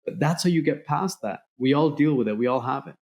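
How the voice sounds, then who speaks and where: A middle-aged man hosting a podcast interview, talking earnestly in a motivational way and acting out remembered dialogue with lively emphasis. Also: fairly high pitch, fairly quick, creaky. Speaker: podcast host. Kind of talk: conversational interview.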